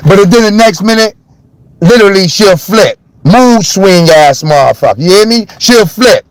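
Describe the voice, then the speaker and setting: Loud, high-voiced man ranting on a live stream. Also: lively intonation, normal speed, dry recording, poor audio. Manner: loud, heated and blunt, swearing freely. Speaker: livestreamer. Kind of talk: livestream rant to chat.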